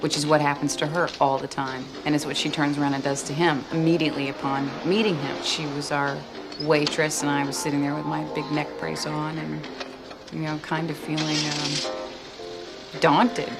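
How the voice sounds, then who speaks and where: An actress in an interview, speaking thoughtfully with pauses. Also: female voice, deep voice, little pitch movement. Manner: thoughtful, hesitant. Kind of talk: interview reflection. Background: music.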